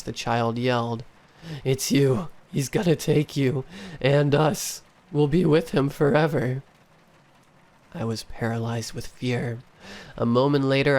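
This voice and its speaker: A man narrating a horror story in a steady, measured reading. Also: medium pitch, clear, resonant tone.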